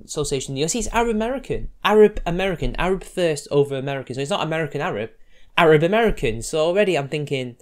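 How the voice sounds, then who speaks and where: Man, fairly high voice, commentary host, sarcastic, exasperated, reads then rants. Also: darkish tone. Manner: exasperated and sarcastic, interrupting himself with incredulous asides. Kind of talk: reading an article aloud with running commentary.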